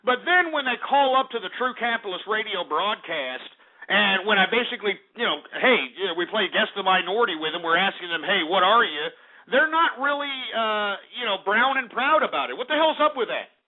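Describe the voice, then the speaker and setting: A man's voice: high-pitched, expressive, brisk. A man from Texas hosting call-in talk radio, brash, mocking and profane. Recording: tinny phone-like line.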